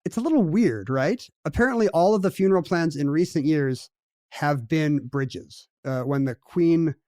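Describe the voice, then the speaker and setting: A man with a slightly higher voice than most, co-hosting a casual chat podcast. He talks in a wry, jokey way and drifts off on tangents. The sound is dry and close, with no room echo. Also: animated, normal speed, darkish tone. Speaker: podcast co-host.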